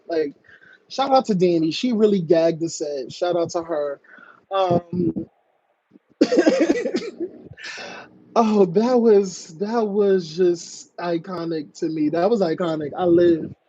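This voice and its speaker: A woman hosting a live stream, chatting casually about online drama, reading viewer comments and slipping into high mocking voices to act scenes out. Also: warm tone, slightly rough, dry recording. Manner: chatty, slangy, reads viewer comments aloud. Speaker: livestream host. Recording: dull lo-fi stream audio.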